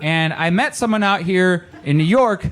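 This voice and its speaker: Casting note: young male stand-up comic, high and very animated delivery, deadpan punchlines, switches into quick character voices. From Michigan. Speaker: stand-up comedian. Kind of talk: stand-up comedy set. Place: small comedy club with live audience.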